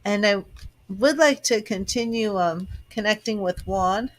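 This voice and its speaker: A woman's voice: medium pitch, unhurried, a little hiss or hum. Woman psychic, live-stream host, reassuring and conversational. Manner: reassuring, chatty, answers viewer comments. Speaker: psychic reader. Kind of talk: live-stream tarot reading.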